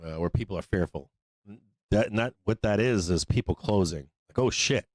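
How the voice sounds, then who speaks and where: Low-voiced, profane trading stream host. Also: male voice, normal speed, a little mellow, no room sound. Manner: loose, profane, rambling with fillers. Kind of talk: casual live-stream market commentary.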